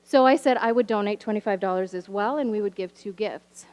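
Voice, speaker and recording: A woman teacher telling stories from her classroom in a church sermon, animated and wry, with humorous asides. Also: medium pitch, fairly quick, low-quality recording. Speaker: teacher sharing a story from the pulpit. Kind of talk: storytelling sermon. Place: church sanctuary.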